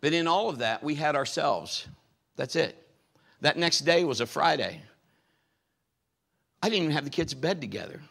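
A middle-aged male pastor preaching a sermon and telling stories from his life, pressing his key points with sudden bursts of loudness. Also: fairly high pitch, animated, moderate pace, creaky, pauses often. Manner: emphatic, swells loudly on key points. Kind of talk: sermon with personal storytelling.

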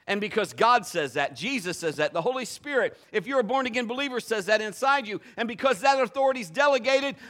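Here a middle-aged pastor gives a sermon that feels lively and conversational, complete with acted-out quotes. His voice sits on the high side.

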